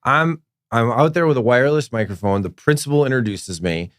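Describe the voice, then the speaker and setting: A man's voice: mid-range voice, fairly quick, no echo, clean studio sound. A man from Minnesota who is a guest comedian, telling stories in a casual podcast chat and acting out the voices of the people in them. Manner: animated storyteller acting out quoted voices.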